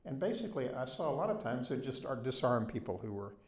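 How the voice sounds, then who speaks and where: A man's voice: medium pitch, very animated, fast. An older man from the Southern United States with a Southern American accent, giving a public talk in a storytelling manner and leaning hard on key points. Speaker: guest speaker. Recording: echoey room.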